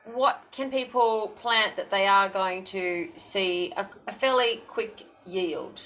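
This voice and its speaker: A woman's voice: mid-range voice, slow pace, a bit bright. An Australian woman hosting an interview, upbeat and appreciative, joking about being a novice. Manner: upbeat, appreciative, self-deprecating. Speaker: podcast host. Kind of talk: interview questions.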